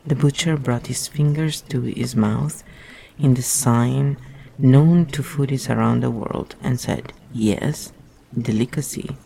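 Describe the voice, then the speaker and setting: A man's voice: mid-range voice, a little slow, vocal fry, warm tone, a little hiss or hum. A man reading a book aloud and breaking off into rambling, musing asides. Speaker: reader.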